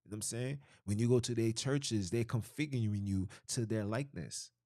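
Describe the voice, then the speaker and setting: Deep-voiced preachy New man. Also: a little fast, dark tone, dry recording, clean studio sound. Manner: emphatic, repetitive, frequent restarts. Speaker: podcast host. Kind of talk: preachy monologue.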